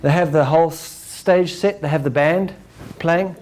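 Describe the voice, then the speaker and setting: A man giving a lecture to an audience, animated, acting out examples and ending points with "right?". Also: fairly high pitch, moderate pace. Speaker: speaker.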